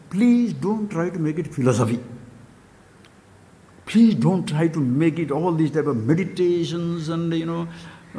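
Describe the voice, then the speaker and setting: An older man with an Indian accent giving a spiritual talk, swinging between loud animated questions and low quiet asides. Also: in a large hall. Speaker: spiritual teacher.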